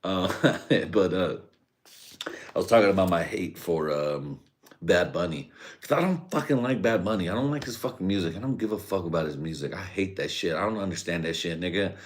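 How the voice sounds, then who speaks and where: Man, deep voice, Central California, casual profane rant, rambling, laughing at own jokes. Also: a little fast. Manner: rambling, crude joking, frequent laughs. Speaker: live-stream host.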